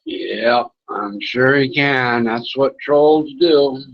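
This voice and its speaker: A man's voice: mid-range voice, extremely slow, creaky. A man in casual online chat, blunt, crude and sarcastic. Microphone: online voice call. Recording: dull lo-fi online call.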